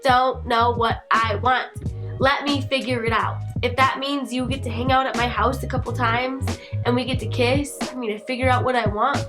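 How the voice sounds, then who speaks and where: A woman's voice: on the high side, steady tone, moderate pace, music in the background. A young woman telling a candid, chatty storytime on her vlog, swearing freely. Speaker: vlogger.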